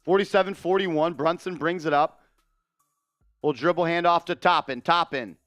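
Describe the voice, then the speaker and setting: A man doing live play-by-play for his home team, excitable and partisan. His voice sits a touch high and comes through smooth and crisp on a dry close mic. A faint music bed plays under him. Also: no room sound. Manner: fast, excitable, openly partisan. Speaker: play-by-play streamer. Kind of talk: live fan play-by-play commentary.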